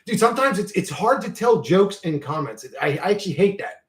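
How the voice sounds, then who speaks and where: A man's voice: high-pitched, sing-song, brisk. A man hosting a casual livestream, reading chat comments and ranting in a profane, heated, rambling way. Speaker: channel host reading live chat.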